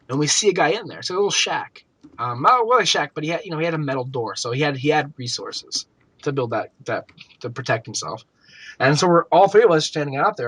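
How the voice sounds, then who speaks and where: A young man co-hosting a gaming podcast, telling a story in casual chat, swearing freely and acting out shouted quotes. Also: a little high, husky, no room sound. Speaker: podcast co-host.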